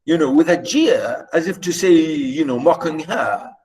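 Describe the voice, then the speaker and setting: A man's voice: on the high side, lively intonation, measured pace, darkish tone, poor audio. A man lecturing on a novel, explaining passages and repeating his points with many fillers. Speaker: literature lecturer.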